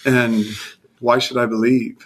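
A man in his fifties from California, earnestly sharing a heartfelt personal testimony in conversation, his voice sometimes dropping to a hushed near-whisper. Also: medium pitch, little pitch movement, unhurried, a loud crowd. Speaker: guest.

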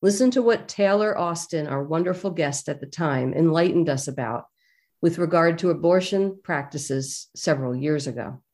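A woman psychologist co-hosts a podcast in a slightly low voice. She invites listeners in through a scripted intro. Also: normal speed, a little mellow.

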